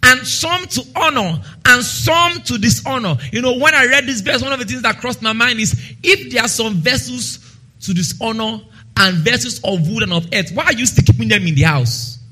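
A man pastor preaches in a very high, bright voice that carries a husky edge. He drives his points with emphatic repetition and call-and-response. When he reads scripture he slows down and gets loud. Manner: reads scripture slowly and loudly. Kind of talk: sermon.

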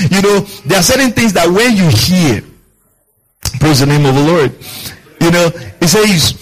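A man preaches at a moderate pace on a low-quality recording. As pastor, he questions his congregation, repeats key phrases, and acts out the people in his stories, jumping widely in pitch for quoted voices.

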